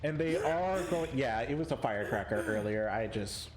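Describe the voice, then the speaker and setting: A young man casting a competitive video game live, excitable, sometimes stumbling over his words. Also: mid-range voice, normal speed, reverberant, noisy background. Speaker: esports caster.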